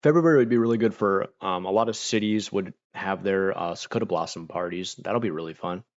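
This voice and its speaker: A young man from Florida chats casually on a livestream from his home room, reading chat and reacting with many fillers. His low voice moves briskly and turns animated when he quotes people. The audio is dull, with no echo.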